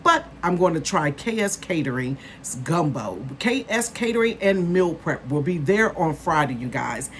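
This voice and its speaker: A woman in her fifties chatting casually to her viewers as a vlogger, calling them "honey" and "you guys" and bursting into excitement. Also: deep voice, measured pace, hardly any pauses, slight background noise. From northern United States. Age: 50s.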